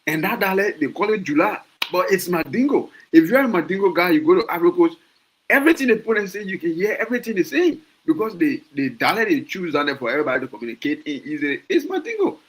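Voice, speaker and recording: A man's voice: high-pitched, big pitch swings, fast talker, low-quality recording. Fired-up Liberian man with rhetorical questions. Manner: passionate, repeats words and restarts, asks rhetorical questions. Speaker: podcast host. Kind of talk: casual opinion talk.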